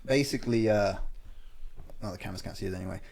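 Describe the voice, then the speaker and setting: Gravelly fast-talking man. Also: lowish voice, slight background noise. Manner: swears freely, animated anecdote with slang. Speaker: podcast host. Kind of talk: casual chat, storytelling.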